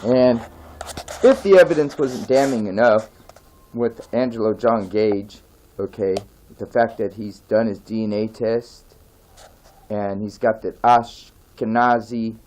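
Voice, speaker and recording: A man's voice: lowish voice, slow pace, a little mellow, low-quality recording. A man from the United States, raised in California and Tennessee, giving a meandering monologue full of fillers and "okay?" checks. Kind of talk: rambling monologue.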